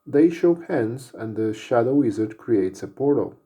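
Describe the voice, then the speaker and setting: A man narrating an action story casually, unhurried, with fillers. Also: medium pitch, animated, warm tone, husky.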